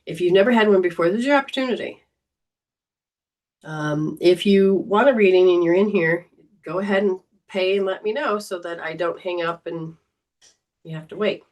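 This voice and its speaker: A woman's voice: lowish voice, moderate pace, long pauses, recorded from a distance. A woman hosting a casual livestream as a psychic reader, talking in a chatty, rambling way. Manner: chatty, rambling, warm storytelling.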